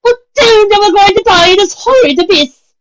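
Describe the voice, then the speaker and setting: A woman's voice: very high voice, lively intonation, normal speed, lo-fi sound, background noise, voice pushed up. A woman voicing a prim, dramatic unicorn pony mare who wails melodramatically, in a fan audiobook reading. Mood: wailing. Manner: wailing, melodramatic.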